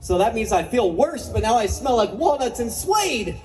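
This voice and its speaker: Lively high-voiced man doing stand-up. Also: moderate pace, a little hiss or hum, rough recording. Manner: loose, self-mocking, swears and laughs at his own jokes. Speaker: comedian. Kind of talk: stand-up comedy set. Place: open mic venue.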